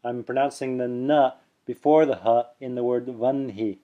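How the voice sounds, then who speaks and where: A man teaching pronunciation, who explains slowly and then chants the examples with careful, deliberate delivery. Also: mid-range voice, steady tone, highs cut off. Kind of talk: pronunciation lesson with slow chanting.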